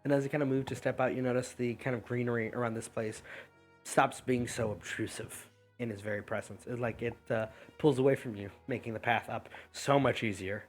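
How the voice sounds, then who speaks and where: A man narrating a tabletop game as game master, in a relaxed, loose way with many fillers. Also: mid-range voice, brisk, faint music behind.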